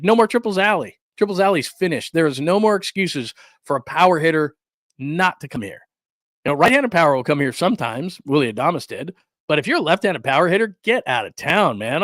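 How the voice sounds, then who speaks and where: Close, dry audio with no room echo captures a sports talk host alone on a livestream, ranting in a slightly high, fairly bright voice. He laughs, makes quick asides, and stops to greet chat viewers, reading and responding to their comments.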